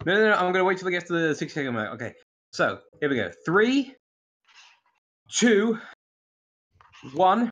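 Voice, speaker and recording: A man's voice: fairly high pitch, big pitch swings, racing, bright, forceful tone, muffled recording. A young man on a casual podcast voice call, goofy and rambling, hamming up silly bits. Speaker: podcast co-host. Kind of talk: casual chat over a voice call.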